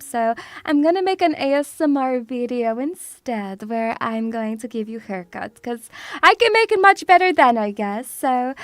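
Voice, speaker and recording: A woman's voice: sits high, a bit bright, no room sound. A woman streaming casually, bubbly and teasing, calling her viewers pet names. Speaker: VTuber streamer.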